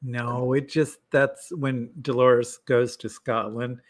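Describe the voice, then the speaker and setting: Easygoing halting man co-host. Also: mid-range voice, flat delivery. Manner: easygoing, halting, stammering restarts. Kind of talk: casual chat.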